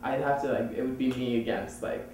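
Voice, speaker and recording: A man recounting a hard personal experience in a hesitant, halting way. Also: medium pitch, level tone, a little mellow. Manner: hesitant, halting, many fillers. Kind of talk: personal testimony. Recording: very echoey room, mic far off, faint noise.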